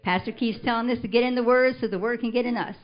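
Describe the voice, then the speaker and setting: A woman's voice: on the high side, fast, dull audio. Older woman testifying with fervor. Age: older, a grandmother. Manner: animated storyteller, bursts into loud scripture declarations. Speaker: church member giving a testimony. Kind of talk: spoken testimony to a congregation. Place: church service.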